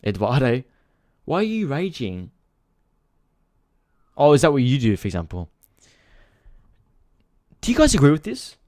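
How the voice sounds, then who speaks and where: A man hosting a football live stream, complaining to his viewers and swearing freely as he rants. His pitch swings widely, rising and falling with each complaint. The sound is close and dry, with no room echo. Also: wildly swooping pitch, unhurried, pauses often, a little mellow. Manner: frustrated, talks to viewers directly. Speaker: football channel host. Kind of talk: casual live-stream chat.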